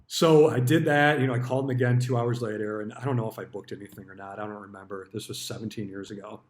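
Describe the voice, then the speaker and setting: A roomy echo colors this casual monologue from a retired stockbroker with a lowish voice. He talks fast with fairly even intonation, recalling his old job bluntly, cursing freely and acting out the dialogue.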